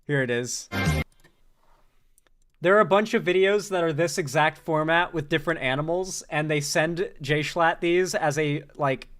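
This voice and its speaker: A man's voice: fairly high pitch, moderate pace, fairly bright tone, faint music behind. A man hosting a casual live-stream commentary, loose and chatty, laughing often as he reads out viewer donations.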